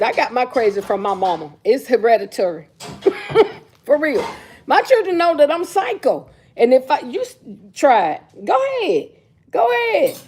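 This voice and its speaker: A woman's voice: fairly high pitch, a little mellow, slightly rough. A middle-aged woman hosting a casual livestream chat, telling stories in a blunt, sassy way full of slang. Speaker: livestream host.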